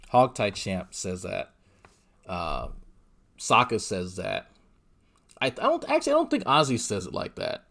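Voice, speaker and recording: Male streamer, slightly low voice, casual, profane, quick to laugh. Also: wildly swooping pitch, fairly bright tone. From Louisiana. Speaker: livestream commentary host. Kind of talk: casual livestream commentary.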